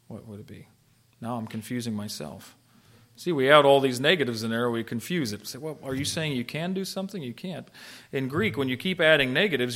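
A man preaching a sermon, animated and conversational, swinging from loud emphasis to soft asides and asking his listeners questions. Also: medium pitch. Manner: conversational, asks the listeners questions and answers them. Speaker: pastor.

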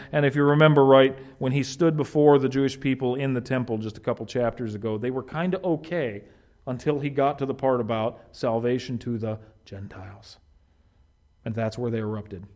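A pastor preaching a conversational sermon, animated and informal, often restarting his phrases. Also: mid-range voice.

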